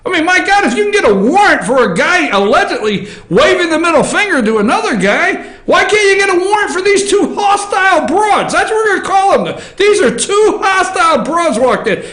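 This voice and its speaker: A man hosts an opinion show, his voice unusually high and swinging wildly up and down. He rants loudly and laughs as he talks. The sound bounces around an echoey room. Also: brisk, hardly any pauses. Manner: loud, laughing, animated ranting. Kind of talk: excitable political commentary.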